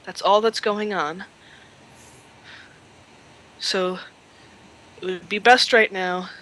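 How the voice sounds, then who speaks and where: A woman's voice: medium pitch, takes it slowly, a little hiss or hum, poor audio. A woman voicing Clark, a nervous young man who pleads with a soldier to stand down. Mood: pleading. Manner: pleading, shaky, trying to calm.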